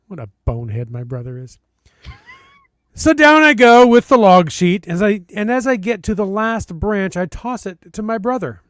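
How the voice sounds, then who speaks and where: A man hosting a podcast, reading a listener's story aloud with dramatic, playful emphasis and comic pauses. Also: high voice, lively intonation, no echo, clean studio sound. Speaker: podcast host.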